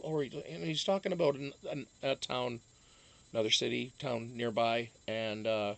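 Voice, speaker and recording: A man's voice: mid-range voice, fairly even intonation, normal speed, creaky, fairly bright tone. A man from Massachusetts, hosting a casual live stream, rambling with many fillers and restarts.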